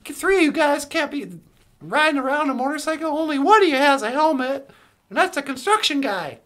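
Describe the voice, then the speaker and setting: A man's voice: extremely high pitch, expressive, fairly quick, a bit bright. A man voicing a cheerful, rambling male frog puppet who calls in to tell a joke, with lots of restarts and asides. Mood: joking. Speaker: caller telling a joke. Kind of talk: comedic call-in impression.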